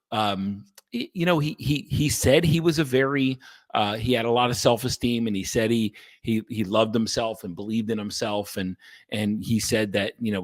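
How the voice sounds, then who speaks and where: This man, a podcast host and coach with a medium-pitched voice, talks to his audience in a casual, blunt, emphatic monologue. He swears often and restarts his sentences a lot, and there's no echo.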